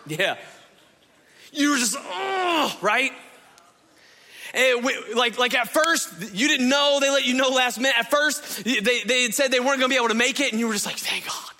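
Pastor, male, bright forceful voice, lively casual preaching, echo of a large hall. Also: extremely high pitch, moderate pace. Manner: animated, conversational, acts out the people he describes. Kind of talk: sermon. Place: church sanctuary. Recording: reverberant hall.

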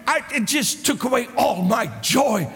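A man's voice: extremely high pitch, animated, a little slow, a bit bright, long reverb tail, heavily acted. A man preacher voicing a boastful, wicked royal official who rants indignantly. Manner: indignant, ranting. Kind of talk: sermon storytelling.

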